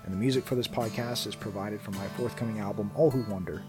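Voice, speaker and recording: A man's voice: on the low side, quick pace, over music, rough recording. A man, a podcast host, reading a fairy tale aloud as a cold reading, with small slips and restarts. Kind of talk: bedtime story reading.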